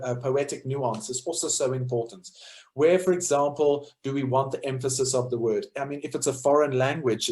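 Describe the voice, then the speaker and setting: A man's voice: mid-range voice, darkish tone. A man, a choral conductor, giving a lecture and posing one rhetorical question after another. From South Africa. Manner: earnest, asks many rhetorical questions. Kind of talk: lecture talk.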